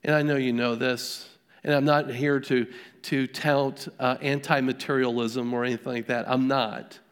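A man's voice: mid-range voice, flat delivery, normal speed, clean tone. A middle-aged man preaching a sermon, a pastor telling personal stories in a conversational way with restarts and rhetorical questions.

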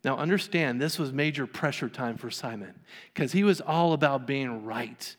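A man's voice: medium pitch, normal speed, long reverb tail. A man preaching a sermon in a church, telling a story and acting out the people in it. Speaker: pastor.

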